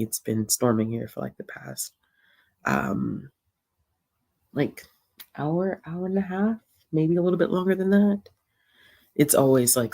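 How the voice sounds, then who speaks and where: A woman's voice: rumbling low, darkish tone. A woman hosting a casual reading livestream from home, chatting easily with frequent ums and laughter. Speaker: livestream host. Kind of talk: casual chat.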